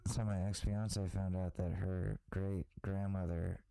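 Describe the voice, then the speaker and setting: A man co-hosting a podcast, chatting casually and cracking jokes with quick bits of silly voices. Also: deep voice, level tone, vocal fry, a crowd in the background, low-quality recording. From part Korean family. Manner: jokey, slips into silly put-on voices. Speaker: podcast co-host. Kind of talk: casual comedic chat.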